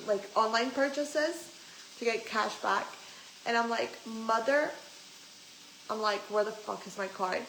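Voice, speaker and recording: A woman's voice: fairly high pitch, a bit bright. Ranting young woman vlogger, echoey room. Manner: ranting, swears freely, retells quotes. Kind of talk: casual storytime chat. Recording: echoey room, faint background noise.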